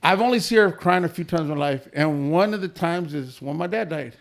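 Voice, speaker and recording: Dude with a high raspy voice, laid back, cussing and laughing through his stories. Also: animated, fairly quick. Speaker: podcast guest. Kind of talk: casual storytelling chat.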